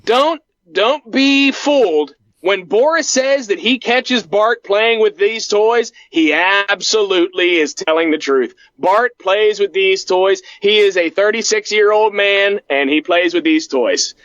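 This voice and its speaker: A man's voice: high-pitched, unhurried, fairly bright tone, no echo. A man speaking as a podcast guest in casual chat, playful and mock-serious, on a dull lo-fi recording.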